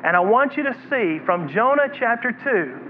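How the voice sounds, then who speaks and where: A man's voice: extremely high pitch, lively intonation, normal speed. A man preaching a sermon, retelling a scripture story and voicing its figures. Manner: preaching with acted quotes of God and Jonah. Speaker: pastor. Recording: tinny phone-like broadcast with faint hiss.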